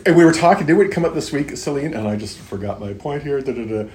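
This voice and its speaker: A man's voice: medium pitch, animated, fast talker, a little mellow. A middle-aged man talking earnestly and at length in a casual faith conversation, circling back and stressing his points. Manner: earnest, rambling, emphatic. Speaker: podcast co-host. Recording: echoey room, faint ambience.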